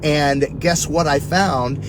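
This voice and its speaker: A middle-aged man teaching earnestly on prayer, preaching in a conversational way and telling personal stories. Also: slow. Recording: steady rumbling background noise.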